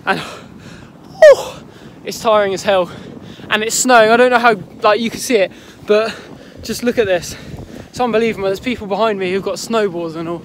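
Breathless high-voiced lad outdoors. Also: male voice, normal speed, a little hiss or hum. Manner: loud, excitable, swearing. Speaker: vlogger. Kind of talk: casual vlog talk to camera. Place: outdoors on a snowy golf course in a blizzard. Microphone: handheld phone.

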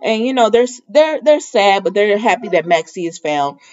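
A woman's voice: medium pitch, sing-song, moderate pace, darkish tone. A woman chatting casually through a soap opera recap vlog, rambling and filling her talk with "you know" and "y'all". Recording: dull lo-fi recording.

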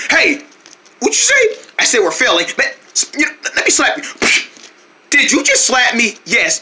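A channel host playing several characters in a silly kids' skit, switching between goofy voices and bursting into shouts and squeals. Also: mid-range voice, background noise.

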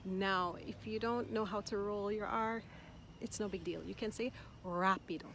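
A woman giving a slow, clear language lesson, encouraging the listener and repeating words carefully. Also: mid-range voice, steady tone, slight background noise. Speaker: Spanish teacher. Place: outdoors in Mexico.

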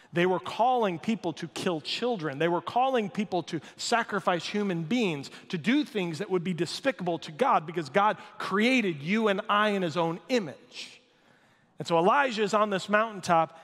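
High-voiced guy preaching, acts out the shouting bits, long echo like a big church hall. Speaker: pastor. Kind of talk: sermon. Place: church sanctuary.

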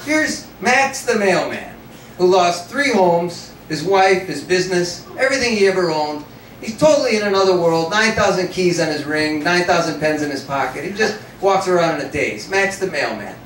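A man reading his own first-person story aloud in a cafe, in an animated, profane storytelling manner. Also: high voice, normal speed, a little hiss or hum. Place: cafe before an audience. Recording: roomy cafe sound from a distant mic.

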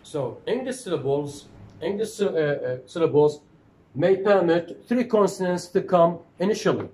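Male lecturer, fairly high voice, repeats key terms, echoey room with faint hiss. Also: expressive, normal speed, a little mellow. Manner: repetitive, asks questions and answers them. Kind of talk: phonetics lecture.

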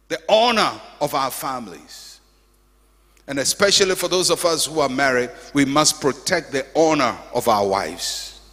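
Older pastor, emphatic sermon, bright animated voice, echoey church hall. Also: male voice, a little high. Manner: emphatic, repetitive exhortation with humorous asides.

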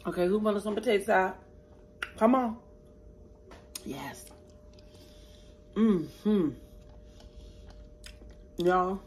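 A woman's voice: medium pitch, lively intonation, slow pace, long pauses, darkish tone, slight background noise. A woman hosting an eating show, chatting with viewers in a casual, familiar way between bites. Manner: chatty, talks to viewers as y'all, eats between lines. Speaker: mukbang host.

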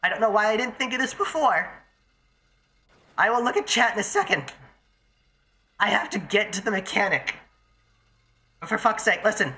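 A young adult streamer rambling through a live gameplay session with a bright, forceful voice. They talk to themselves and their chat in a loose, casual way and swear freely. The pitch sits in a middle range. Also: lively intonation, normal speed, long pauses. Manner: chatty, profane, talks to self and chat.

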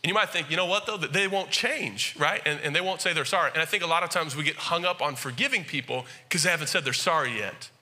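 A male pastor giving a conversational, animated sermon, with frequent asides and questions to the congregation. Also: fairly high pitch, fast talker, hardly any pauses.

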